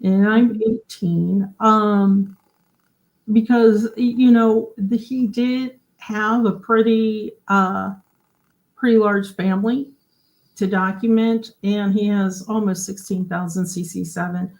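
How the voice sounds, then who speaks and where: Woman, livestream host, mid-pitched, casual and chatty, explains and asks viewers questions. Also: fairly even intonation, slow pace, a little mellow. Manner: chatty, explains while showing pages, often asks the audience questions.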